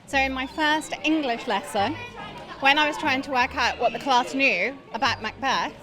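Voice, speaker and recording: A woman's voice: high voice, moderate pace, crowd noise. A woman teacher telling an amused anecdote about a pupil, laughing as she goes. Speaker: teacher interviewed. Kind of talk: casual anecdote.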